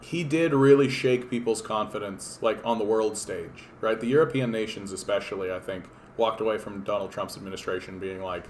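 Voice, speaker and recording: A man's voice: on the low side, a little fast, few pauses, darkish tone, a little hiss or hum. A man from Canada hosting a political livestream, talking in a casual, rambling, profane and sardonic way with lots of fillers and restarts.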